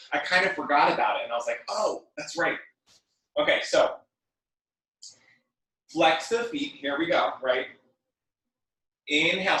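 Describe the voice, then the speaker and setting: A man leading a guided workout class, giving calm breath cues with chatty, joking asides. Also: on the high side. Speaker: fitness and yoga instructor. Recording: very echoey room, mic at a distance.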